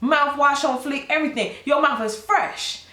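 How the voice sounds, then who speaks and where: A woman doing a casual tarot reading, chatty and blunt, with big jumps in pitch. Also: moderate pace, pushed and bright, reverberant. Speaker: tarot reader.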